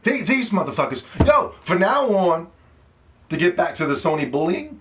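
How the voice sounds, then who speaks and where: A man delivering a loud, profane, mocking rant as a gaming commentator. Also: high voice, sing-song, moderate pace, noisy background. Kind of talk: ranting video commentary.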